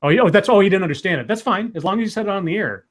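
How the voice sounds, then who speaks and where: A man co-hosting a casual livestream, reading viewer donations aloud with plenty of stammering and restarts. His voice sits a little high for a man. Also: expressive. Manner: stammering, quick to laugh.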